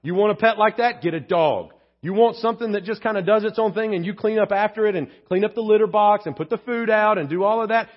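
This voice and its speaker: A man's voice: sits high, fast, hardly any pauses. A male pastor preaching a sermon, emphatic and candid, joking with the congregation. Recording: dull lo-fi sermon recording.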